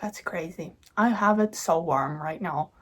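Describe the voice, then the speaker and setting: Her voice is on the low side, husky and unhurried. Indoors at home, this young author and vlogger chats casually about her book, rambling, bubbly, and quick to get sidetracked.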